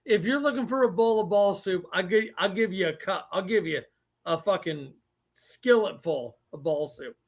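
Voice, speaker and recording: A man with a notably high voice trades crude jokes with his co-host on a live show. He laughs between his lines and keeps the banter casual. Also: normal speed. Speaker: podcast co-host.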